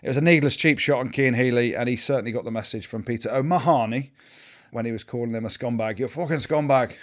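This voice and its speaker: A man co-hosting a rugby podcast, bantering through the week's results in casual chat. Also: mid-range voice. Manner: brisk, jokey, banter. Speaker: podcast co-host.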